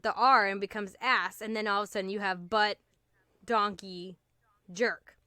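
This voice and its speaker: A woman co-hosting a casual comedic podcast, animated and joking, often laughing at her own bits. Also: mid-range voice, moderate pace, clear, resonant tone, no room sound. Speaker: podcast co-host.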